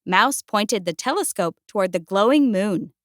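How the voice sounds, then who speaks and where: A woman gently and expressively reading a picture book aloud. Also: medium pitch, expressive, normal speed, dry recording, clean studio sound. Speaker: storyteller.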